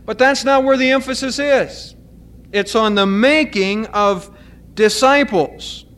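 Male pastor, higher-pitched voice, earnest and deliberate sermon delivery, teaching from scripture. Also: a bit bright. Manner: earnest, explanatory preaching with deliberate emphasis.

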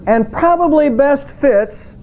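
A middle-aged male pastor preaching a sermon in a measured way, slowing down when he quotes scripture. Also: extremely high pitch, animated, darkish tone, lo-fi sound.

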